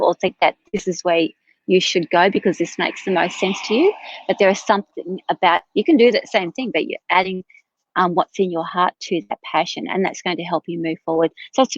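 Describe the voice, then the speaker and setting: A woman's voice: fairly low pitch, no echo. A tired woman giving a live-streamed tarot reading in a chatty, rambling way, often correcting herself. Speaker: tarot reader. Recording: dull, dry lo-fi stream audio.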